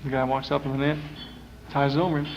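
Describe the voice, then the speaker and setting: A man's voice: mid-range voice, level tone, fast talker. Man, stage jokester, folksy rambler, muffled live tape from a small club, faint hiss. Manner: rambling, folksy, many uhs. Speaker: performer. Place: small lounge.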